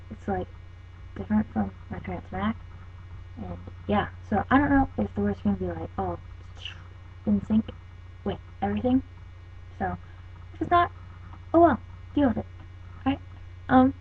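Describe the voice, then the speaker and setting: Chatty teen girl on lo-fi webcam. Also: mid-range voice. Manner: chatty, rambling, lots of "like" and "um". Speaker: vlogger. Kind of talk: casual webcam vlog. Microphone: built-in computer mic. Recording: tinny lo-fi webcam audio with faint hiss.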